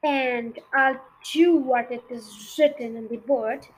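A woman reading a slow, menacing ghostly warning. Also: fairly high pitch, husky, rough recording.

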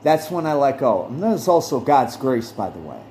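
A man's voice: medium pitch, very animated, moderate pace, darkish tone, slight background noise. A middle-aged man hosting a podcast, telling a personal story in an earnest, emphatic way and repeating phrases for stress. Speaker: podcast host.

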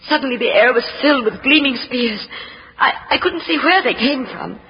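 A woman's voice: high-pitched, animated, moderate pace, husky, full character voice. A breathless frightened young woman. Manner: breathless, stammering, gushing. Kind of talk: 1940s radio acting. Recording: dull old radio recording with long reverb.

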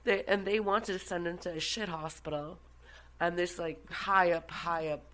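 Irish woman guest, fiery and profane storyteller, lowish voice, talks with rising energy. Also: moderate pace, poor audio. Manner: animated, swearing, laughing often. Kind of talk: casual storytelling.

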